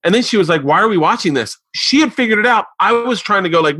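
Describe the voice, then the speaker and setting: Brief: male podcast host, forties, animated storyteller, dry close sound. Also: high voice, fast talker, no room sound. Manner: animated storyteller, swears a lot, acts out quotes. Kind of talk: casual chat. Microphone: remote podcast mic.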